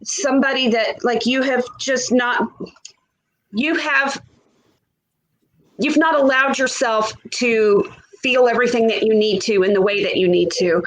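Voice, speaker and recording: A woman reading tarot cards in a casual livestream chat, gushing and chatty with drawn-out pauses. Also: on the high side, low-quality recording. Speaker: tarot reader.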